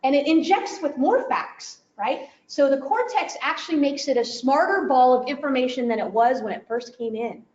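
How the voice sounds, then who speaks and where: Female workshop presenter, high voice, animated, echoey dull conference recording. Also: moderate pace, hardly any pauses. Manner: lively, acts out children's inner voices, frequent "right?". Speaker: trauma-informed education presenter.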